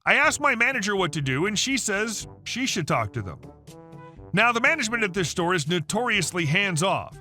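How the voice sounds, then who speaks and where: A man narrating an online story in the first person, in a brisk, chatty way. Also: high voice, big pitch swings, bright, forceful tone, soft background music.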